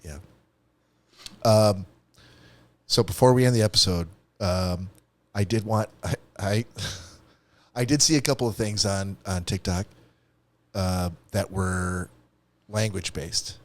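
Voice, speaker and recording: A man co-hosting a comedy podcast in casual chat, rambling and animated with lots of restarts. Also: deep voice, takes it slowly, long pauses. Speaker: podcast co-host.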